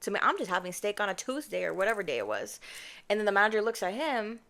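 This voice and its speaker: A young woman chats through a storytime at a mid pitch, sassy and animated. She calls her viewers babes and y'all and slips into mock voices to act out other people. Her own microphone sits close. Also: quick pace, creaky. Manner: chatty and expressive, mimics others with mock voices. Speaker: vlogger. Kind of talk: casual storytime monologue. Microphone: personal microphone.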